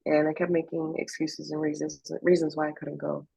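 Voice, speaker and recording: A woman with a deeply gravelly, husky voice tells her personal testimony in an interview. She speaks haltingly, restarting her sentences and filling pauses with "um." The sound is close and dry. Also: level tone, warm tone, no echo, rough recording. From Afghanistan. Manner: emotional, halting with many fillers and restarts. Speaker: interview guest.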